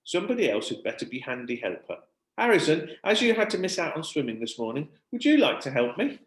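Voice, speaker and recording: A man voicing a brisk female primary school teacher in a raised, bright tone. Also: fairly high pitch, wildly swooping pitch, pitched above the performer's own voice. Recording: roomy echo.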